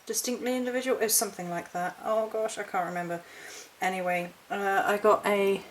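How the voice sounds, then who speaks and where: A woman's voice: medium pitch, steady tone, a little fast, slight background noise, low-quality recording. A woman chatting casually through a haul vlog, rambling and correcting herself as she goes. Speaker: witchcraft vlogger.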